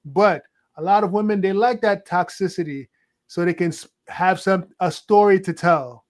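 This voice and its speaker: A man's voice: high-pitched, normal speed. A man co-hosting a casual opinion talk, hedging with many fillers and tag questions. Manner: hesitant, stacks fillers like "right?" and "like".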